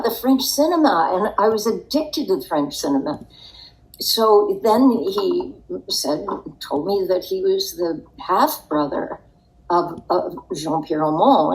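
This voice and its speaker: A woman's voice: fairly low pitch, poor audio. An older woman telling a personal story in a podcast interview, in a reflective, wry way. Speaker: interview guest.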